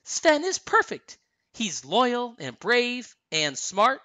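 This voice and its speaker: A man's voice: high voice, huge pitch swings, moderate pace, voice pushed up, exaggerated voice. A man voicing Anna, a bouncy, eager princess. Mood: excited. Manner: bright, bouncy enthusiasm. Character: cheerful young princess, eager and playful. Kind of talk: storybook reading.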